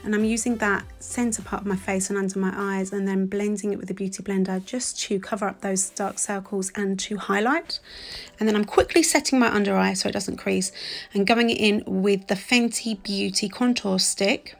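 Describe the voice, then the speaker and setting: A woman's voice: medium pitch, fairly even intonation, normal speed, gravelly. A woman in her forties with a London accent, talking through a makeup tutorial as a voice-over in a chatty, self-deprecating, gushing way. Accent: London English. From England. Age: 40s. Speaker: beauty vlogger. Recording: faint music underneath.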